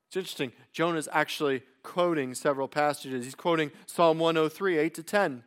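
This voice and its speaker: A man preaching an expository sermon in a deliberate way, sinking low and quiet to stress key words. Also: clean tone.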